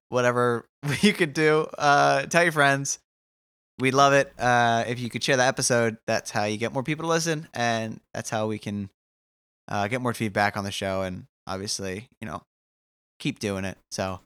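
A man hosting a podcast, wrapping up the show in a relaxed, rambling way with fillers. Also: mid-range voice, clean tone, dry recording. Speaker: podcast host. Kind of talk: casual show outro.

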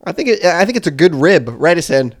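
A man with a slightly high voice co-hosting a casual podcast. He jokes in excitable, mock-angry banter with his partner. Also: brisk. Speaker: podcast co-host. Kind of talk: casual comedic chat.

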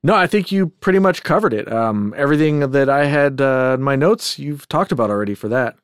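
A man's voice: mid-range voice, animated, a little fast, clean tone, no echo, studio quality. A man co-hosting a casual podcast, laid-back and easygoing. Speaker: podcast co-host.

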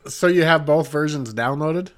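A man's voice: a little high, moderate pace. A man co-hosting a podcast in casual chat, asking questions and teasing his co-host.

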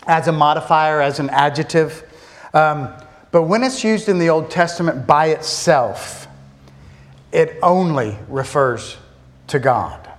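Pastor preaching in a higher voice. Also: male voice. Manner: conversational preaching, rhetorical questions, voices the congregation's doubts; slows and drops soft on key words for emphasis. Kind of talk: sermon.

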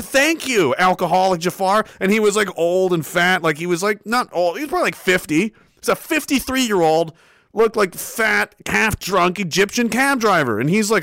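A man's voice: high voice, animated, moderate pace, fairly bright tone, no room sound, studio quality. A young man streaming, rambling through a casual story with profanity, frequent laughter and acted-out quotes.

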